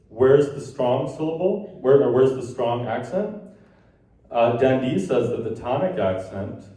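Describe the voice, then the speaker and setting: A man gives a conference lecture, explaining ideas and occasionally tapping out rhythms in sung syllables. His voice is medium-pitched and dark, recorded from far off in an echoey hall.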